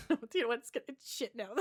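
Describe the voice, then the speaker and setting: A woman's voice: on the high side, slight background noise. A woman co-hosting a podcast, chatting casually in a giggly, self-deprecating way. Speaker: podcast co-host. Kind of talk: casual chat about reality TV.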